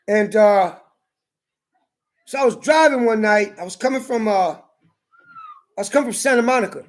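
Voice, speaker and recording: Heated high-voiced man ranting. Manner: profane, heated, shouting at times. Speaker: ranting commentator. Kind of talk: angry personal rant and storytelling.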